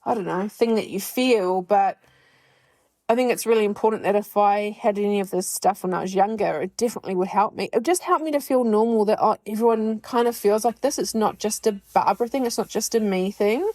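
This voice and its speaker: Talking a little fast in a medium-pitched, slightly mellow voice without echo, the forty-something podcast host opens up about her own life. She's blunt and candid, swears freely, and laughs often throughout the monologue.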